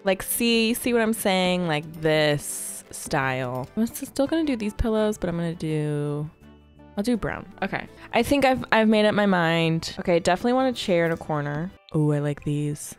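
Young woman, casual gameplay chatter at a desk mic, fairly low voice for a woman, soft music behind. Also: animated, normal speed. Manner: chatty, thinking aloud with playful asides. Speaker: Sims building creator.

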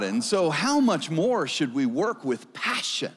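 A man's voice: high-pitched, sing-song, measured pace, few pauses. A male pastor preaching a conversational sermon, asking the congregation questions. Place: church service hall. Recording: long hall reverb.

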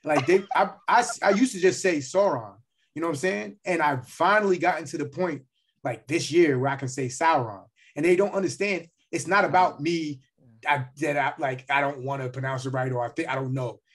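A man's voice: fairly high pitch, fairly quick. A man from New York with a New York accent, hosting a podcast in casual, streetwise chat full of swearing. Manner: animated, streetwise, profane. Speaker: podcast host.

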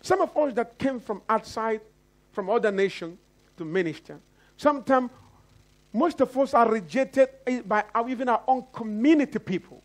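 Animated high-voiced man preaching a sermon. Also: normal speed. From Nigeria. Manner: preaching with repeated call-outs to the congregation; acts out quoted voices with big pitch swings. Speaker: pastor.

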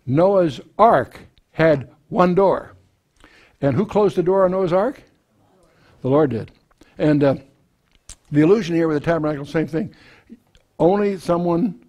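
Mellow-voiced man teaching the Bible. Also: a little high. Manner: conversational, with frequent fillers and restarts; folksy asides and self-deprecating humor. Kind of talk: verse-by-verse Bible teaching to a live audience.

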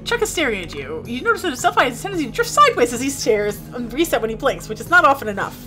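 A woman's voice: fairly high pitch, sing-song, rapid-fire, over music. A young woman streaming a game live, chatting casually and reading game text aloud playfully.

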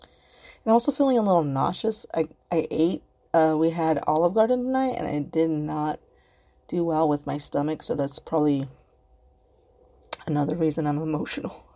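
A woman's voice: sits low, moderate pace, pauses often, dark tone. A woman hosting a podcast on her own, rambling in casual chat from her computer at home, swearing freely and earnest. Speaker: podcast host.

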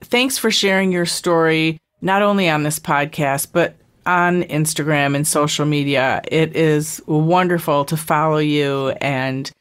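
Woman host of an interview podcast: lower voice, gentle, measured questions. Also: fairly even intonation, smooth. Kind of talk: casual interview conversation.

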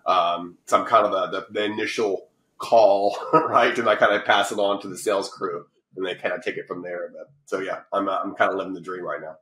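A middle-aged publishing company founder guests on a podcast, talking casually in an interview and rambling with lots of restarts and fillers, growing animated when he tells stories. His voice is low and brisk, and the room is echoey.

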